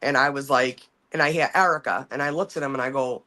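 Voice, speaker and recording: A woman's voice: a bass voice, fairly even intonation, fast talker, sharp tone. A woman in her forties, a podcast host, telling a rambling, profane story in casual chat with many restarts.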